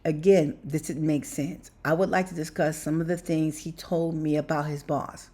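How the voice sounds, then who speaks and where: In a level tone at normal speed, a woman with a low, mellow voice addresses her viewers as "you guys." It's a rambling, emotional personal vlog where she repeats herself and laughs in the middle of sentences.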